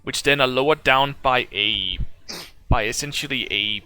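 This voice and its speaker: A man narrating as game master for a tabletop game, in a casual, halting way with many restarts. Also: medium pitch, bright, forceful tone, clear, resonant tone, no room sound, faint music behind.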